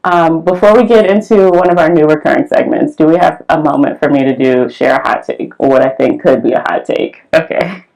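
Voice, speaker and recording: Here a woman co-hosts a podcast, chatting casually and spinning animated stories while acting out quotes. Her gravelly voice sits low and moves a little fast, and the audio quality is poor.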